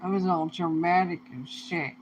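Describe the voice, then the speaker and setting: A woman's voice: on the low side, normal speed, slight background noise, rough recording. A young woman talking to camera in a rambling, casual monologue, swearing heavily in loose, slangy speech. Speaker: vlogger.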